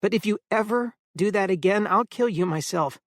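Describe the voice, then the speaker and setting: A man voicing a fierce, caring young woman who scolds loudly. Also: mid-range voice, moderate pace, dry recording, clean studio sound, voice pushed up, close to an everyday voice. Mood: tender stern. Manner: scolding, shouting.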